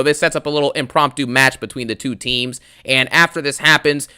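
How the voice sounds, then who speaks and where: A man in a sarcastic, fed-up wrestling rant with a bright, edgy tone. He talks a little above the usual male pitch, dismissive and quick to mock. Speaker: wrestling video ranter. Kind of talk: angry wrestling recap rant.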